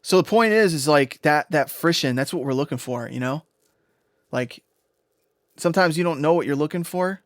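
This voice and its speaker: Male music producer streaming, higher-pitched, excitable and rambly, profane, dry mic. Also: normal speed, dry recording. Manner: rambling, excitable, profane, tags "right?" and "you know?". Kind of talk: casual livestream explanation.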